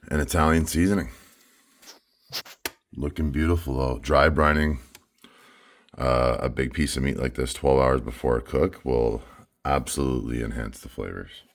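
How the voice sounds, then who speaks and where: A laid-back man hosting his own barbecue cooking vlog, chatting casually and thinking aloud as he works. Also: very deep voice. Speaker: barbecue cook and show host.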